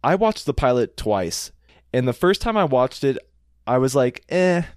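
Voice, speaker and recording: A man co-hosting a casual podcast chat about a TV show, relaxed and talkative, often repeating his words. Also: medium pitch, normal speed, no room sound, clean studio sound. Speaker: podcast co-host.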